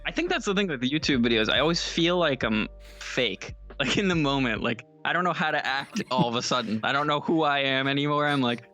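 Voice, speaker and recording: A man co-hosting a casual podcast, chatty and quick, with lots of fillers and asides. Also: medium pitch, expressive, pushed and bright, soft background music. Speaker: podcast co-host. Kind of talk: casual chat.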